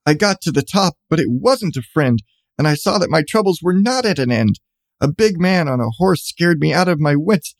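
A man's voice: on the high side, lively intonation, normal speed, no echo. A man reading a rhyming children's storybook aloud with a bouncy cadence.

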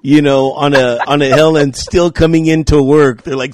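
A man telling a story in casual chat, animated and swearing, acting out what people said to him. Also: a little high, normal speed, few pauses, no echo.

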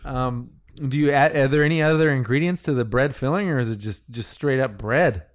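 A man's voice: medium pitch, fairly quick. A man in a casual comedy podcast chat who laughs a lot, swears freely and plays along with the bits. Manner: laughing, playful questioning, swears often.

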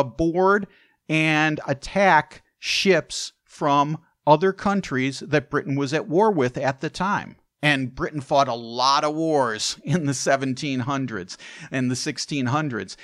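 A man's voice: mid-range voice, a bit bright, no echo, studio quality. A man hosting a podcast, telling history in a casual, conversational storytelling way with chatty asides. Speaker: podcast host.

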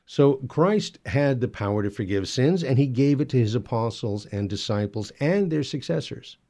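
A man's voice: medium pitch, animated, normal speed, warm tone. A middle-aged man hosting a Catholic talk show in a studio, a little out of breath, teaching earnestly with many fillers. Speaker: Catholic radio show host. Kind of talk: faith talk show monologue. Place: broadcast studio.

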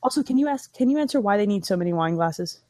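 A woman's voice: medium pitch, animated, darkish tone. A woman co-hosting a casual movie riff, trading sarcastic jokes and laughing with her co-host. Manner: sarcastic, laughing, rapid banter.

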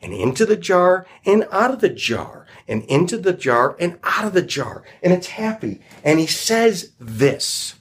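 A man's voice: a little high, slightly rough. A man retelling a children's story and drawing a lesson from it, in a reflective, rambling way.

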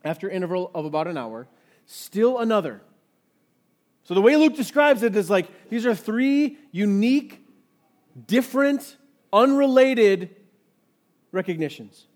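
High-voiced man preaching a sermon. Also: a little mellow. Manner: reads scripture aloud, acts out quotes with rising intensity. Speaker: pastor. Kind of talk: expository sermon.

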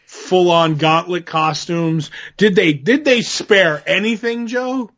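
A man co-hosting a podcast in casual chat, laughing often and animated. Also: sits high, slow pace. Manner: laughing, animated, does little bits. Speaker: podcast co-host. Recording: dull lo-fi sound.

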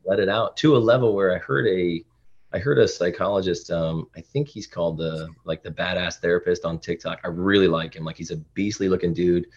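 A man's voice: low voice, steady tone, brisk, husky, lo-fi sound. A man in his thirties, a podcast guest, talking earnestly and emotionally in casual interview chat, often restarting his sentences. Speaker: podcast guest, dad influencer.

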